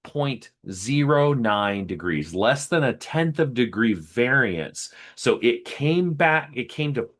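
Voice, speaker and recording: A man's voice: mid-range voice, lively intonation, takes it slowly, hardly any pauses, a bit bright. A man hosting a video, walking methodically through test numbers step by step and explaining each one to viewers. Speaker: host comparing rifles.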